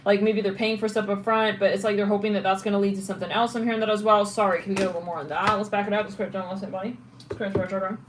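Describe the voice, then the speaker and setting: A woman talking her way through a tarot reading in a loose, chatty manner, circling back and restarting as she thinks aloud. Her voice sits at an ordinary pitch for a woman, with a faint hiss of noise underneath. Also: level tone, rapid-fire, low-quality recording. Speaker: tarot reader.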